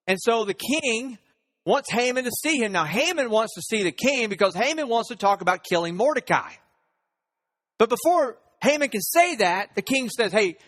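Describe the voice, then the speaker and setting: Man, pastor, sermon, high voice, lively storytelling, voices the characters. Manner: storytelling, acting out the characters' lines.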